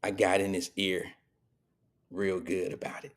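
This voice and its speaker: A man's voice: low voice, little pitch movement, a little slow. A middle-aged man hosting a live show, telling stories and preaching in a casual, slangy monologue to his audience.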